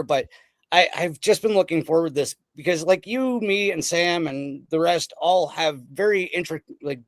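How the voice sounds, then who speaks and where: A man hosting a casual podcast chat, excitable and rambling, often breaking into laughter. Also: fairly high pitch, no echo. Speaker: podcast host.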